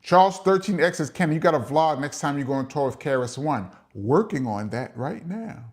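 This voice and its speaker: A man's voice: a little high, expressive, normal speed. Middle-aged man, New York accent, casual livestream host, long-winded, reads chat aloud. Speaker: host of a live chat show. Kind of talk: casual livestream chat, reading viewer comments.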